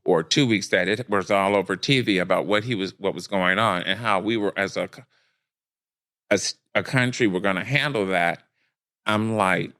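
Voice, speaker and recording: A man with a fairly low voice talks frankly as a podcast guest. He is emphatic and blunt, often restarting sentences as he works through a thought. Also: moderate pace, bright, forceful tone. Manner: blunt and emphatic, thinks aloud with many restarts. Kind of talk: casual discussion.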